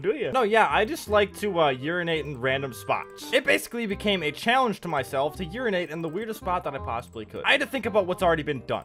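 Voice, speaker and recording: A man's voice: sits high, a bit bright. A young man telling comic stories while playing a game, often laughing at his own punchlines. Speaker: gaming YouTuber. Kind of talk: comedic storytelling over gameplay. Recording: light background music.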